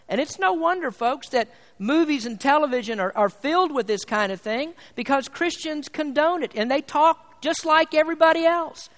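A man preaching a sermon in a church, emphatic, swinging between loud and quiet. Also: very high voice. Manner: emphatic, rises and falls in volume. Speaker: pastor. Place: church sanctuary. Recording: long hall reverb.

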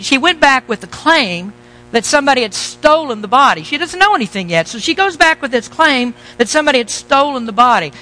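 A man's voice: high-pitched, bright, forceful tone, slight background noise, poor audio. A middle-aged male pastor preaching a sermon in a conversational way, putting questions to his congregation and dropping teasing asides.

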